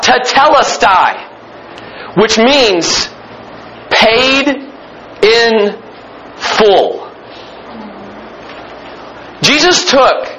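A man preaching a sermon with emphatic delivery, repeating key phrases and slowing down to stress them. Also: high-pitched, bright, forceful tone, muffled recording, a little hiss or hum. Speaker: pastor.

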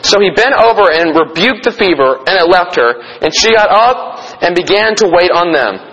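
Male preacher, sermon, high bright voice, emphatic and conversational, long hall reverb, dull lo-fi recording. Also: lively intonation, normal speed. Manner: emphatic, conversational, addresses the congregation directly. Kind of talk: sermon, Bible teaching. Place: meeting room or church.

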